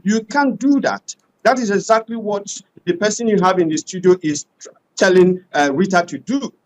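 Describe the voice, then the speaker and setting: A man arguing forcefully as a panel guest in a debate. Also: high voice, moderate pace, low-quality recording. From Nigeria. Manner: forceful, argumentative.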